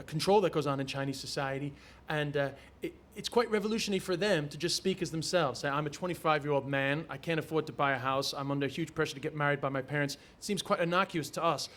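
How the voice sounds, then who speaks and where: Fast-talking Irish man on a panel. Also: fairly high pitch, fairly bright tone. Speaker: comedian panelist. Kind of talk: panel discussion. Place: festival venue before an audience.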